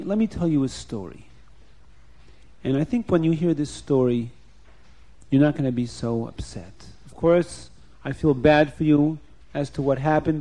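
A man voicing a calm, wise old rebbe who gently consoles a grieving man in a told children's story. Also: on the high side, close to an everyday voice.

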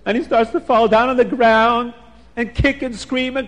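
A man with a high voice tells a folk tale in an animated storytelling manner, dropping in Yiddish words. The recording has a long hall reverb. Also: normal speed, lo-fi sound.

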